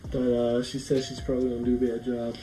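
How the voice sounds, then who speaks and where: A man's voice: medium pitch, monotone, quick pace, dark tone, a little hiss or hum. A man casually showing off a guitar, rambling with fillers and restarts as he talks. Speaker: guitar vlogger. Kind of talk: casual show-and-tell. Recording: echoey room, faint music.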